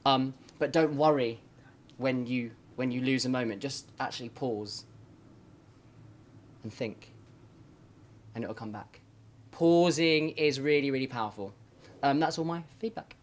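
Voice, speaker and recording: Guy coaching a speaker, gushing and encouraging, mid pitch, keeps calling her darling. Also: measured pace, pauses often. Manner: effusive, affectionate, encouraging. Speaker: judge and vocal coach. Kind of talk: spoken feedback to a speaker.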